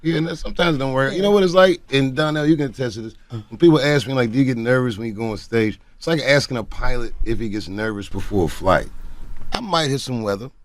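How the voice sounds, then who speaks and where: A man's voice: mid-range voice, fast talker. A man telling stories in a casual talk-show chat, laughing often and acting out the voices of people in his stories. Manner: laid-back, laughing, acts out voices in stories. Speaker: comedian guest.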